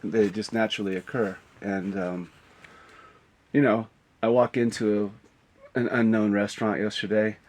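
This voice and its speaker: A man's voice: fairly low pitch, level tone, a little slow. A man vlogging from the road in a casual, rambling, reflective way, laughing now and then. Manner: musing, rambling, given to laughing. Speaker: travel vlogger. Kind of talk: casual reflective vlog talk. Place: outdoors on the road, then inside his vehicle on a cold morning.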